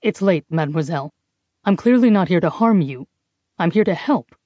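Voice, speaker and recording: A woman voicing a brisk, condescending man in an audiobook who talks over others. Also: on the low side, animated, dark tone, no room sound, muffled recording. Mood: dry, condescending. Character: sharp-witted brisk man, a forger. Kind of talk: audiobook character voice.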